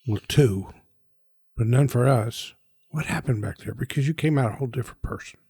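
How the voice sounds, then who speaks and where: Gravelly man playing a tabletop game. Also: mid-range voice, warm tone, dry recording, clean studio sound. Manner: frequent throat clearing, deliberate. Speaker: player.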